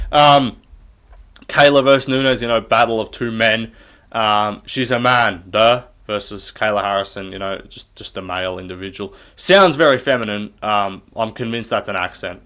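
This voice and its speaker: A man's voice: fairly low pitch, fairly bright tone, smooth. A young man hosting a casual fight recap, blunt, profane and sarcastic. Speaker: MMA recap host.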